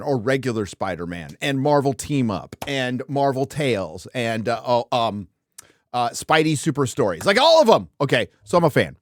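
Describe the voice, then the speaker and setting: A man in his fifties hosts a relaxed live chat, rambling and swearing freely between jokes. His voice sits at an ordinary middle pitch for a man. The sound is close and dry, with no room echo. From Southern California. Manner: crude, rambling, joking. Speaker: host. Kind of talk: casual livestream chat.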